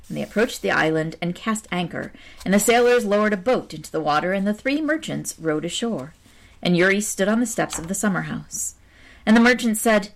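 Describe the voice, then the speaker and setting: A woman reading an old folk tale aloud in a measured storytelling manner. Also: medium pitch, expressive, vocal fry. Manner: measured, lightly archaic narration.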